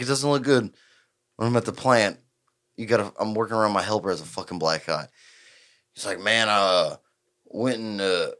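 Profane, animated man. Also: lowish voice. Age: 20s. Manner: profane, animated storyteller acting out quotes. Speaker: podcast host. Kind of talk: casual storytelling chat.

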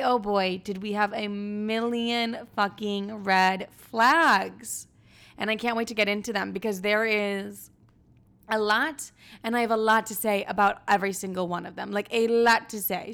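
A woman's voice: medium pitch, fairly bright tone. A young adult woman hosting a casual solo podcast, rambling through blunt, profane opinions. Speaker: podcast host.

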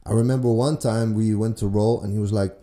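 Deep-voiced man telling stories. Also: steady tone, brisk, dark tone. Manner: rambling, with many fillers and restarts. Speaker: guest. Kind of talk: casual storytelling.

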